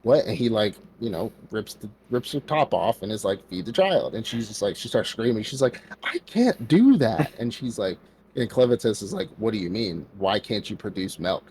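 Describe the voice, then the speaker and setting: A man with a fairly low voice retells an anime story in a loose, rambling podcast style. He slips into the characters' lines and fills his talk with "like". A faint hiss sits under the recording. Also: expressive, a little fast, a little mellow. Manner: loose storytelling, acts out quotes, many fillers like "like". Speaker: podcast co-host. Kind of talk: casual anime recap.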